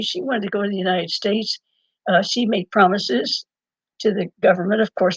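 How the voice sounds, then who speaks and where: An older woman speaking as an interview guest, her voice gravelly and a little husky. She rambles from one thread to the next and keeps laughing as she talks. The recording is dull and dry, with no room sound. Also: medium pitch, dry recording. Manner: rambling, digressive, laughs often. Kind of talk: conversational storytelling.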